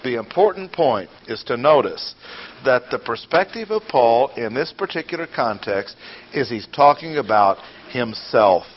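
A man teaching a Bible lesson in a deliberate, explanatory way, repeating his key points, on a dull lo-fi recording. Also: mid-range voice, lively intonation.

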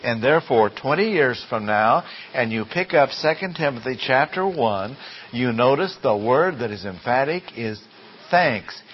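A man lectures slowly and deliberately on Greek grammar, pausing to ask his class rhetorical questions. His voice sits in an ordinary middle register. The recording is dull and lo-fi, with a faint hiss underneath. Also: mid-range voice, lively intonation. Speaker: Greek Bible teacher.

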